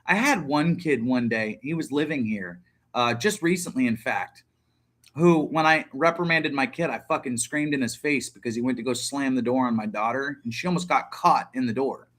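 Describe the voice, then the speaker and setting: A man's voice: medium pitch, moderate pace, fairly bright tone. A man in his thirties hosting a casual livestream, chatting bluntly and rambling with plenty of profanity. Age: 30s. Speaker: livestream host.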